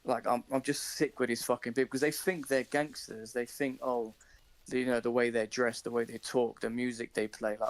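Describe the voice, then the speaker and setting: A man's voice: medium pitch, fairly quick. Sweary man telling a story. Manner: swearing, animated storyteller, acts out shouting. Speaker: streamer. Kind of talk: casual chat, telling a story.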